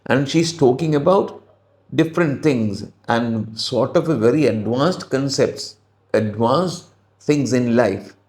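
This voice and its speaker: A man with a Sri Lankan English accent, teaching English by reading a story aloud and explaining it slowly, with many fillers and restarts. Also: mid-range voice, darkish tone.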